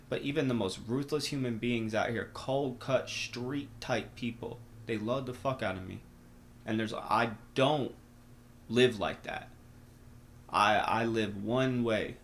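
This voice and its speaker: A young man on a podcast, telling stories in an animated, slangy way with lots of swearing. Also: medium pitch, a little slow, a little hiss or hum. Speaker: podcast guest. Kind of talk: casual conversation.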